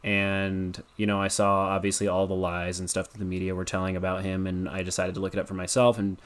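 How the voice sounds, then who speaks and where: A man's voice: low voice, monotone, brisk. A young man from Colorado answering interview questions casually, rambling with lots of fillers. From Colorado, USA. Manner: rambling, with many fillers and likes. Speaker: podcast guest.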